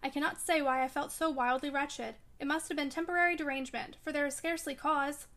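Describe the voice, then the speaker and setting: A woman's voice: high-pitched, steady tone, quick pace, fairly bright tone. A woman reading aloud as a feverish, delirious young woman, dreamy and frightened. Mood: brooding. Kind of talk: audiobook reading.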